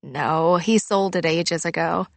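A woman voicing a weary teenage girl who talks in a low-key, flat, matter-of-fact way. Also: slow, no echo. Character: weary teenage girl, grieving but dry.

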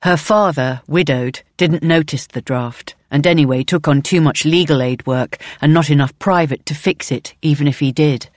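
A woman reading a novel aloud in measured, present-tense audiobook narration. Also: low voice, a little mellow, no echo.

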